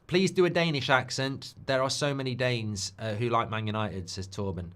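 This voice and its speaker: A man chats loosely on a live football watchalong. He is jokey and easygoing, reading viewers' comments aloud and riffing on them between thoughts. His voice sits at an ordinary middle pitch. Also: moderate pace, a bit bright. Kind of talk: casual live-stream chat.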